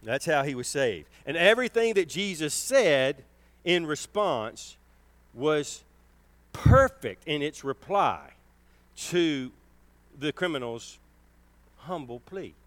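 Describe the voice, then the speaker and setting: A man preaching a sermon, emphatic, swelling and slowing down on key words. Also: fairly high pitch, lively intonation, a bit bright, no room sound.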